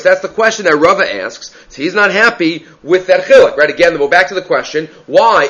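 In a dull lo-fi recording, a Talmud teacher lectures with a fairly high, slightly bright male voice. He explains things step by step, mixes in Aramaic terms, and keeps checking in with a rhetorical "right?"

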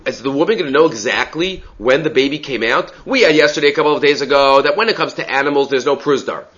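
A man's voice: medium pitch, fast, fairly bright tone. A man giving a Talmud lecture, explaining step by step and often checking in with a rhetorical "right?". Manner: explanatory, asks rhetorical "right?" often, mixes Aramaic terms. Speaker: Talmud teacher. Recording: dull lo-fi recording.

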